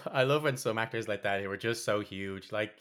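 A low-voiced man chatting on a podcast, loose and profane, often tripping over his words and circling back to finish a thought. He talks casually about what he has been watching and playing. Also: normal speed, a bit bright. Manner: rambling, sweary, with many restarts. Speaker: podcast co-host. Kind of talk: casual chat.

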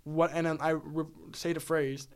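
A young man with a Chicago accent chats easygoingly on a podcast, his speech loose and full of "like." His voice sits slightly high. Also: little pitch movement, moderate pace, clean tone. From Illinois. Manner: easygoing, laughs often, "like" fillers. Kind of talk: casual chat.

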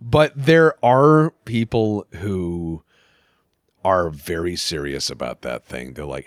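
Animated man with a lively voice. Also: fairly low pitch, unhurried, no room sound. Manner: animated storyteller, acts out quotes, laughs loudly. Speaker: podcast host. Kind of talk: casual chat.

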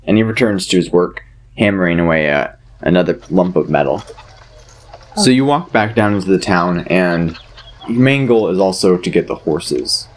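A man narrating a tabletop game as game master, relaxed, with fillers and restarts. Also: deep voice, normal speed.

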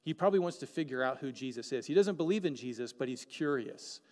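A man preaching a sermon as pastor, animated and joking, asking the congregation many questions. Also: mid-range voice, fast. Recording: long hall reverb.

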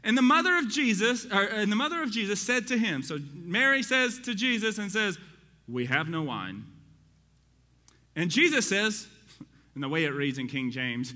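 Man, Bible teacher, excitable and chatty, talks straight to his listeners, high voice, long hall reverb. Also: normal speed. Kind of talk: animated Bible study teaching.

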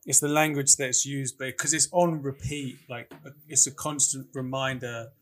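A man's voice: mid-range voice, steady tone, moderate pace, a bit bright. A man with an English accent co-hosting a casual film podcast, rambling and restarting his sentences. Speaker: podcast co-host.

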